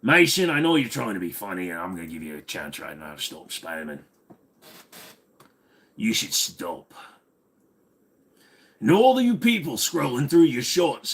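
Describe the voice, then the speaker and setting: A man hosting a casual livestream, talking bluntly and crudely, his voice tiring and going hoarse. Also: medium pitch, fairly bright tone. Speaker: livestream host.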